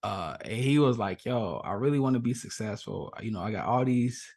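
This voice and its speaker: A man's voice: normal speed, vocal fry, slightly rough. A young man from Chicago's South Side, a podcast guest, telling a story casually and acting out the characters' voices. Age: young adult. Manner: animated, acts out voices in his stories with big pitch jumps.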